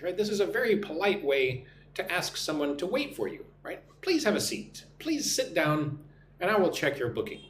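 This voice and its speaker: American guy running a live english class, lively up and down voice, echoey room with a faint hum. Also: a little high, a little slow. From United States. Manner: chatty, greets viewers by name, drills phrases. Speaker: English teacher and live stream host. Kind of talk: live online English lesson.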